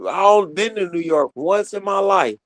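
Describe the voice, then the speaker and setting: A man with a notably high voice argues back in casual podcast banter. His retorts are short and profane, and the sound is dry. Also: expressive, normal speed, fairly bright tone, no room sound. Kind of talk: casual chat.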